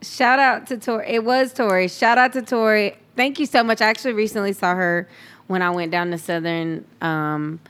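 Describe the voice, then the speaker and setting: Smooth-voiced young woman co-hosting. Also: mid-range voice, moderate pace, a bit bright. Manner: chatty and teasing, laughs often. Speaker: podcast co-host. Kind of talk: casual chat.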